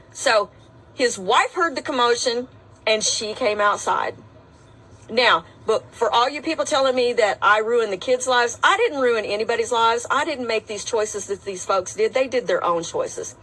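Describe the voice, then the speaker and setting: A woman's voice: a little high, moderate pace, a bit bright, rough recording. A woman, a rideshare driver, tells her own story to camera in a matter-of-fact, defiant way.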